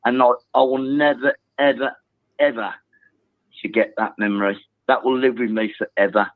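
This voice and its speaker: A man calling a football phone-in, telling a story excitedly and swearing now and then. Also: medium pitch, normal speed, dry recording. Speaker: caller. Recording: tinny phone line.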